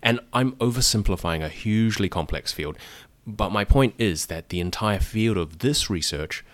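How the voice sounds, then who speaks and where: Low-voiced man explaining patiently. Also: lively intonation, normal speed, dry recording. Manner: explains patiently, spells out words, demonstrates sounds. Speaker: podcast host. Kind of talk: conversational explainer monologue.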